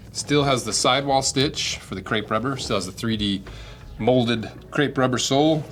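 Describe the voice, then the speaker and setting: A low-pitched American man talks casually through a boot unboxing, musing and questioning himself as he goes. Soft background music plays faintly behind his close-miked voice. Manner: thinking aloud, rambling and self-questioning. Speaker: boot reviewer.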